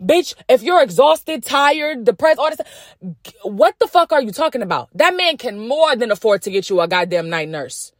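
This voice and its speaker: A woman hosting a podcast, ranting in blunt, profane, animated commentary. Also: on the high side, moderate pace, no room sound, studio quality. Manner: blunt, profane, animated, mocking quoted voices. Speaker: podcast host. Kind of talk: casual commentary rant.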